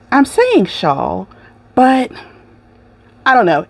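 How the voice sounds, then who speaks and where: A woman's voice: a little high, very animated, unhurried, vocal fry, long pauses, dry recording. A woman with a lilt hosting a crochet podcast, ranting and laughing in casual chat.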